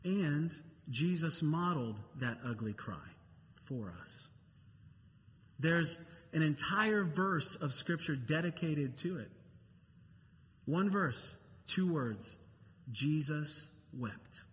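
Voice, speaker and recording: A man with a high-pitched voice preaches a sermon at a slow, deliberate pace. His delivery is conversational, and he repeats key phrases for emphasis. The sound has a long reverb and a faint hum of ambience behind it. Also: expressive, a bit bright. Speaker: pastor.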